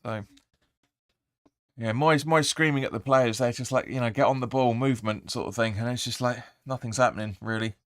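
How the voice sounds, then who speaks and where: A man hosting a live football watch-along, rambling through the play and sometimes shouting at the players. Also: mid-range voice, moderate pace, dry recording, clean studio sound. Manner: rambling, restarts often, erupts when urging players. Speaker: fan channel host.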